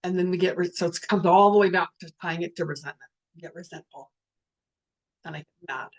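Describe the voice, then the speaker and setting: Talking fast in a lowish voice, a middle-aged woman facilitates a workshop with a spiritual talk. She's earnest and blunt, candidly swearing and reading participants' messages aloud.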